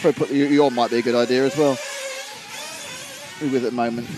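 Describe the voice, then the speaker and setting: A man's voice: mid-range voice, steady tone, fast talker, noisy background. A man doing live commentary on a model car race, chatty and reading out viewer comments.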